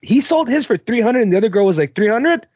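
Rambling husky man telling a story. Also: high voice, big pitch swings, fast talker, mellow, dry recording, muffled recording. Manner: rambling, swears, laughs at own story. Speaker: podcast co-host. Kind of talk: casual storytelling chat.

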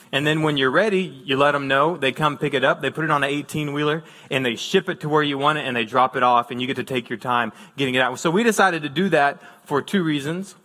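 Young male pastor, bright and slightly high, relaxed storytelling sermon with self-deprecating humor.

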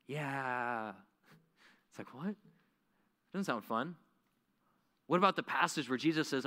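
Chatty youth preacher in an echoey hall. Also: male voice, mid-range voice, measured pace, pauses often. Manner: conversational, animated, many "like" fillers. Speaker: youth pastor. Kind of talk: youth sermon.

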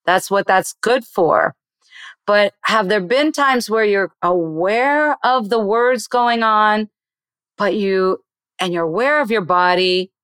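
A woman meditation teacher explaining meditation in an interview and then slowly guiding a breathing exercise in a soothing voice. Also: mid-range voice, a bit bright, clear, resonant tone, no room sound.

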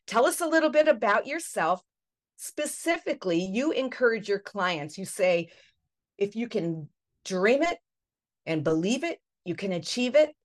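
A woman's voice: mid-range voice, big pitch swings, unhurried. A woman hosting a podcast interview, giving upbeat, effusive introductions. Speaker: podcast host.

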